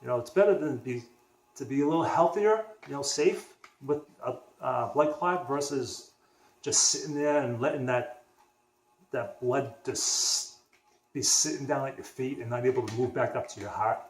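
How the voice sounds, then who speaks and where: A young man from the Boston area tells his story in a loose, rambling vlog style, often restarting his sentences. His pitch sits in the middle of the range. The sound is roomy, with a clear echo off the walls. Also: moderate pace. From Boston area, USA. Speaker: vlogger. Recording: echoey room.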